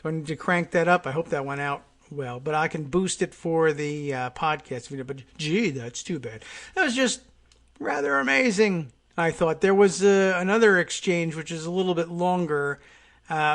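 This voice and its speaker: A man talks through the news on his own podcast with a slightly raised pitch. He rambles with plenty of "uh"s and restarts and keeps a dry, wry edge. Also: normal speed, fairly bright tone. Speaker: podcast host. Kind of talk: casual political commentary.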